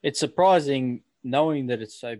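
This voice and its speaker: A laid-back Australian man co-hosting a podcast, chatting casually and hesitantly. His voice is close and dry, with no room sound around it, and sits at a middle pitch. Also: normal speed, darkish tone, no echo. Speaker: podcast co-host. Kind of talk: casual chat.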